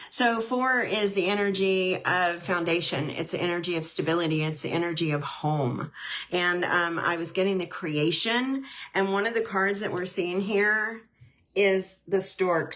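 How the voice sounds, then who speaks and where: A woman's voice: medium pitch, fairly even intonation, measured pace, fairly bright tone. A woman hosting a casual live-stream tarot reading, chatty and heartfelt, with frequent ums and restarts. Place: at home.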